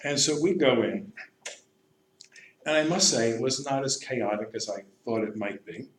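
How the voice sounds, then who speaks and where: A priest giving a lecture, telling stories in a lively way and laughing at his own tales. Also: medium pitch, normal speed. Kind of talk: lecture with anecdotes. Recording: echoey lecture room, faint hum.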